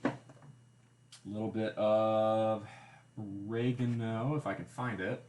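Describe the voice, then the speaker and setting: A man's voice: lowish voice, little pitch movement, takes it slowly, a little mellow, reverberant, a little hiss or hum. A man hosting a casual cooking livestream, chatty and explaining each step with wry asides, recorded in a home kitchen. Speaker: livestream host.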